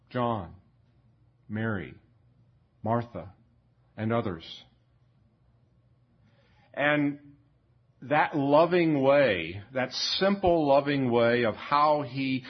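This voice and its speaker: A man preaching a sermon in a slow, reflective way, often repeating words and pausing with fillers. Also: mid-range voice, slightly rough. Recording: dull lo-fi recording.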